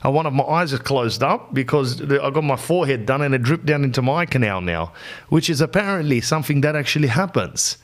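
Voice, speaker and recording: A man's voice: mid-range voice, brisk. An Australian man hosting a podcast, rambling through a slangy comic monologue and slipping into other people's voices. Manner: animated, slips into characters' voices. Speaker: podcast host. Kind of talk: comedic storytelling monologue.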